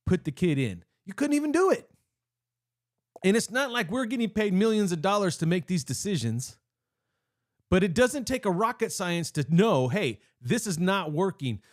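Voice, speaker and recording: A young man hosting a fan channel, ranting live with heated emotion, rambling and cutting himself off mid-thought. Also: high-pitched. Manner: heated, rambling, self-interrupting. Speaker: sports fan channel host. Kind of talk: emotional live-stream rant.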